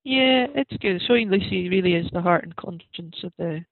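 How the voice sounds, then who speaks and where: High gravelly man on a tinny line. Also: normal speed, no room sound. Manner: hesitant, short agreeing replies. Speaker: podcast co-host. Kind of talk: casual film discussion. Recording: tinny phone-like call line.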